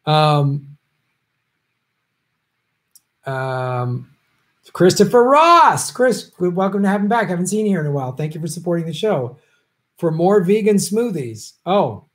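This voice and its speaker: A man's voice: a little high, darkish tone. Guy on a livestream reading viewer questions, lots of ums, rambly and jokey. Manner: rambling, many ums, chuckles, jokey asides. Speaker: show host answering viewer questions. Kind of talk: casual livestream chat.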